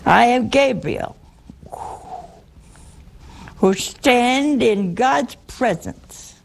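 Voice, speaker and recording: A woman voicing a stern male archangel, speaking in a measured, solemn way. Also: a little high, lively intonation, vocal fry, slight background noise, full character voice.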